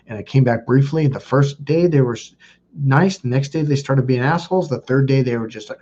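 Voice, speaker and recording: Husky man telling blunt personal stories. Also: mid-range voice, a little mellow, lo-fi sound. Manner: blunt and profane, quick asides. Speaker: self-help video host. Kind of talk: casual confessional storytelling.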